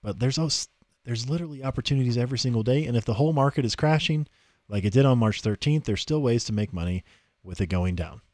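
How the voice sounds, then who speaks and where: A man's voice: fast, a little mellow, dry recording. Man, podcast co-host, casual chat, dry studio sound. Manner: chatty, repeats phrases, pitches sign-ups.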